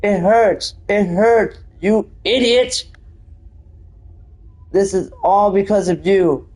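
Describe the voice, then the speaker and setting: A strange, vengeful voice from a game recording, pitched up above the speaker's usual tone and dragged out word by word, as a man reads its lines aloud. It swings between threats and pleading, never hurried. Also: darkish tone, full character voice, rough recording. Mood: menacing, bitter. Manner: slow, drawn-out reading.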